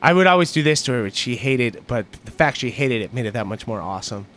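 A man guest on a comedy talk show, rambling through anecdotes with giggles and loud acted-out bits. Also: mid-range voice, animated, quick pace. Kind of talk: casual comedic chat.

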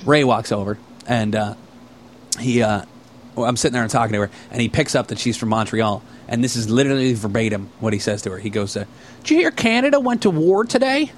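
A man in casual chat, telling stories with lots of swearing and mimicking a friend in a higher voice. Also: fairly even intonation, fast talker, a little hiss or hum.

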